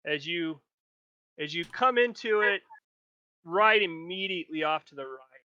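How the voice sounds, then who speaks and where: A man's voice: sits high, animated, measured pace, bright, forceful tone, no echo, dull audio. A man running a tabletop game as game master, narrating loosely with many restarts. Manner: rambling, restarts, acts out figures.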